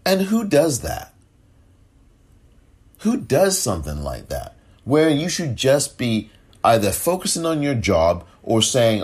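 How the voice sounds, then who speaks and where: This political podcast host delivers indignant solo commentary, mocking his subjects by impersonating them with real passion. He takes it slowly in a husky, darkish, medium-pitched voice whose pitch swoops all over the place.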